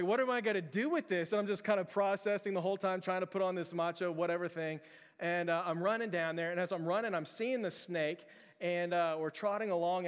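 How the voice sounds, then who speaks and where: Man, pastor, sermon, animated storytelling, fairly high voice, long church reverb. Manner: animated storytelling, acts out scenes in raised voice.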